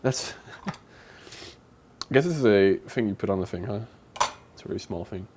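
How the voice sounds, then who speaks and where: A man's voice: fairly low pitch, expressive, normal speed, noisy background. A man co-hosting a live stream from a home kitchen, chatting casually while he cooks and thanks viewers for donations. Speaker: streamer co-host.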